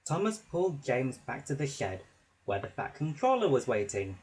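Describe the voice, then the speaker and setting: A man narrating a children's story with a slow, expressive reading. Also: medium pitch, rough recording.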